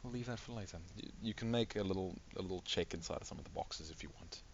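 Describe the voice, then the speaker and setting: A man's voice: deep voice, fast talker, creaky, dull audio, a little hiss or hum. A man running a tabletop game as game master, describing scenes in rambling, self-correcting narration.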